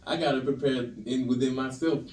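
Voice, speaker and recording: A man from Louisiana, a podcast guest and performer, answering in a halting way and often restarting his sentences. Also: mid-range voice, steady tone, darkish tone. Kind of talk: casual interview chat. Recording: roomy room, distant mic, faint hiss.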